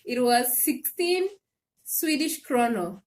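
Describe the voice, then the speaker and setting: A woman hosting a casual livestream, telling an animated story with laughs and repeated phrases. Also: high-pitched, slow pace. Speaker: live stream host. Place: home in Sweden.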